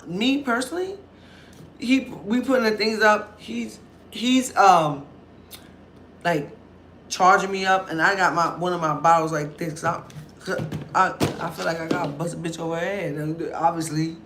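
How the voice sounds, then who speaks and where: A woman's voice: fairly low pitch, moderate pace, a little hiss or hum. A woman vlogger telling a story casually and with lots of energy, acting out other people's voices and swearing freely. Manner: animated, acts out others' voices, profane.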